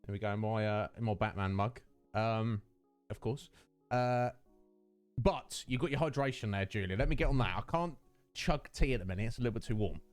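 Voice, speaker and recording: A man's voice: on the low side, fairly quick, dry recording, faint music behind. A man, chatting casually with his livestream viewers, greeting them by name and laughing often. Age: 30s. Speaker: streamer.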